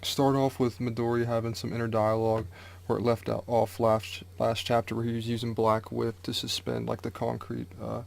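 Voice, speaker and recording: Gravelly flat-voiced young man. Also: medium pitch, moderate pace, hardly any pauses. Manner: excited, swears freely, lots of "like". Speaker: manga reaction YouTuber. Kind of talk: casual live reaction, reading panels aloud.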